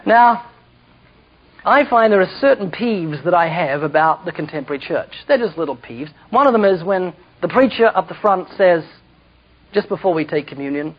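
Husky man preaching a humorous sermon. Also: a little high, normal speed, some chatter behind. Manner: storytelling, jokey asides, self-mocking. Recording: dull lo-fi recording.

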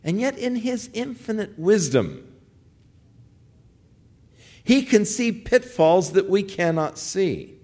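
Older male preacher, sermon storyteller, slow delivery with a lively, swooping pitch. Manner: storytelling, acts out pleading voices.

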